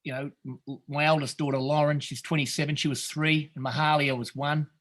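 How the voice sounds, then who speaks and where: A man's voice: a little high, flat delivery, a little fast, a bit bright. A middle-aged Australian man telling his story as a podcast guest, earnest and rambling, swearing often and calling people mate. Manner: rambling with many restarts. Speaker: podcast guest, retreat founder. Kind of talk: emotional storytelling.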